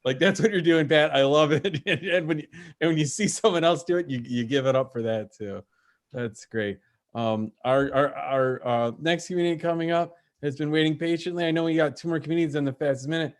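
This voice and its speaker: A man hosts a comedy show over a video call. He introduces the acts in a loose, chatty way and stumbles over his words, and his voice sits a little high. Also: a little fast. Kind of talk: casual hosting banter.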